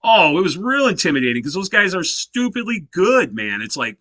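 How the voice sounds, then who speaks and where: A man in his fifties with a slightly higher, bright and forceful voice, talking as an interview guest. He tells stories with lively animation and fills gaps with "you know". The sound is dry and close. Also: brisk, no room sound. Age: 50s. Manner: animated storyteller, heavy use of "you know" fillers. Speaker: guest musician. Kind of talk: casual interview chat.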